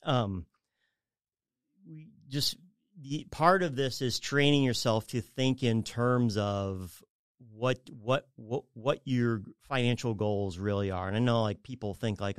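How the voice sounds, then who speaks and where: A man's voice: medium pitch, unhurried, smooth, no echo, studio quality. A man on a radio show casually explaining home equity and debt, rambling and correcting himself as he goes. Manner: rambling, self-correcting, acts out clients' voices. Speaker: mortgage advisor guest.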